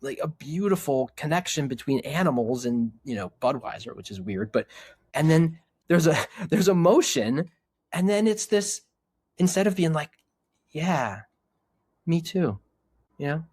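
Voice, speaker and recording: A man's voice: on the high side, animated, moderate pace, darkish tone, slightly rough, no echo. Earnest middle-aged man, dry close sound. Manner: earnest, reflective, with many restarts. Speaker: podcast guest, men's group leader. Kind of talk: casual conversation.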